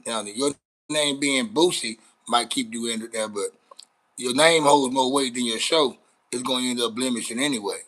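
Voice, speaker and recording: A man hosts his live stream with a bright, forward voice at an ordinary middle pitch. He rambles casually, swears freely and stops to greet viewers in the chat. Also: moderate pace, rough recording. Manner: rambling, profane, chats with viewers. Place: Dallas, Texas.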